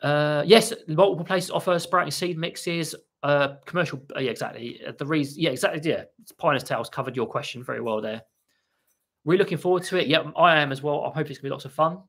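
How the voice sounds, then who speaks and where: A man's voice: a little high, quick pace, fairly bright tone. A man hosting a casual livestream, answering viewers' questions in a chatty way with frequent restarts. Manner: chatty, restarts often, talks to his birds between answers. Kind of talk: casual live chat. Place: home room with parrots.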